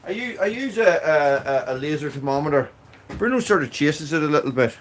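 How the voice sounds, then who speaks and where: A man's voice: on the high side, animated, brisk. An Irish man chatting casually on a live stream, greeting viewers by name from a small cabin with a wood stove. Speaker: livestream host.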